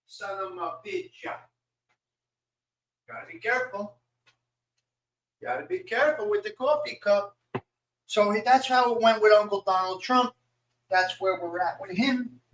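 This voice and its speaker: A man's voice: high-pitched, a little slow, pauses often, low-quality recording. A man hosting a casual live-stream show, boastful and joking, often repeating himself.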